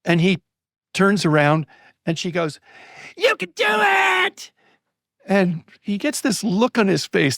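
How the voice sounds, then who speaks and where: A middle-aged man telling a personal anecdote as a guest on a podcast interview, building excitement as he goes. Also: high-pitched, gravelly, dry recording, studio quality. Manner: lively storyteller, building excitement. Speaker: guest speaker on storytelling.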